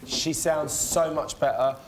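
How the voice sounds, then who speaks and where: A young man on a reality show, chatting excitedly and repeating himself as he tells the other housemates about a phone call. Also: on the high side, measured pace, slight background noise. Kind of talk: casual chat.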